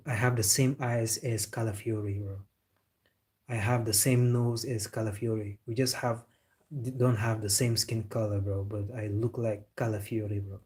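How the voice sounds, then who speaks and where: A man's voice: fairly low pitch, a little mellow, slightly rough. A man from Senegal hosting a football live stream. He chats casually, answers viewer comments, jokes and says "bro" a lot. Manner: laid-back, joking, says "bro" often.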